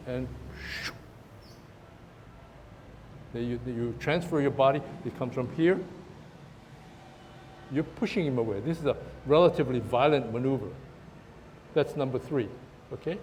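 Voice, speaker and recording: Male tai chi teacher, halting and repetitive while demonstrating, faint background noise. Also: mid-range voice, darkish tone. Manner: halting, repeats words, talks while demonstrating moves. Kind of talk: outdoor class instruction. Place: park, outdoors.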